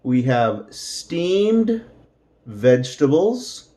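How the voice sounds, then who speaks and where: A middle-aged man teaching English slowly to Spanish speakers, repeating each word and adding Spanish glosses. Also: fairly high pitch, sing-song, dark tone.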